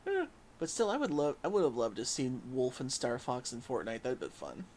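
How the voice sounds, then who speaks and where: A man's voice: medium pitch, sing-song, a little fast, a little mellow, a little hiss or hum. A man chatting casually while playing a game on stream, rambling and chatty, over game music. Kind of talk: casual let's-play chat.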